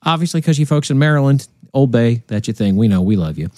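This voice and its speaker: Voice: medium pitch, lively intonation, fast talker, dark tone, dry recording. A radio co-host in casual studio chat, rambling and repeating words as they go.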